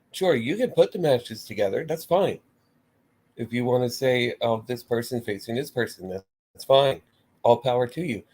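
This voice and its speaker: Male channel host, rambling and exasperated, mid-pitched everyday voice, casual commentary. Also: darkish tone, slightly rough. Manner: rambling, exasperated, swears, mimics his own reactions.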